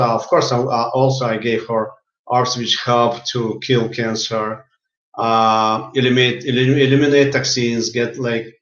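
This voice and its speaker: A man's voice: mid-range voice, a bit bright. A man who works as a healer tells a story in casual speech, often repeating and restarting his words. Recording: roomy, dull lo-fi sound.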